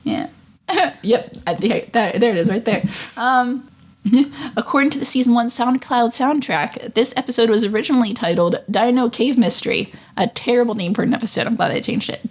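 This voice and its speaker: A young woman with a voice a touch higher than most chats casually as a co-host. She rambles, fills gaps with ums, and reads trivia and comments aloud. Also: moderate pace. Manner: rambling, with frequent ums and laughs. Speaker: co-host of a show reacting to cartoon episodes. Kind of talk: casual chat.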